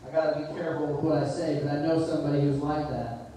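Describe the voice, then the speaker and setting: A middle-aged male preacher with a fairly high voice, speaking to a congregation in a relaxed storytelling way. He is picked up from a distance, so his words ring through a large, echoing hall with a long tail of reverb. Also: quick pace, a little hiss or hum. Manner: conversational storytelling, rising emphasis on key points. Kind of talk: sermon with a personal story. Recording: echoey hall, distant mic.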